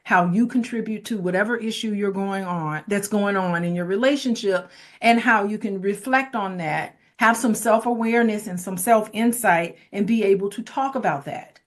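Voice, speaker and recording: A woman's voice: mid-range voice, normal speed. A woman therapist in casual conversation, giving firm advice about relationships. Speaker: therapist, co-host.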